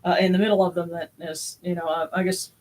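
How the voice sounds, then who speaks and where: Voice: medium pitch, level tone, fast, low-quality recording. Host rambling on a live stream, lots of ums and restarts, casual and easygoing. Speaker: host of a religious livestream service. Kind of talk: casual livestream chat.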